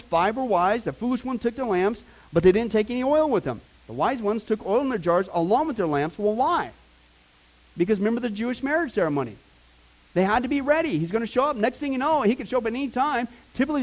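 Middle-aged male preacher with a high voice, chatty and excitable from the pulpit. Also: poor audio. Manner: energetic, conversational, swings from quiet asides to loud emphasis. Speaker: pastor. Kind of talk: sermon. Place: church sanctuary.

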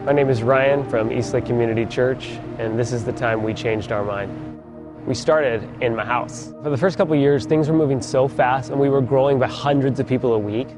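A man who is a church pastor, speaking slowly and reflectively in an interview. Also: mid-range voice, steady tone. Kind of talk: documentary interview. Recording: music bed behind.

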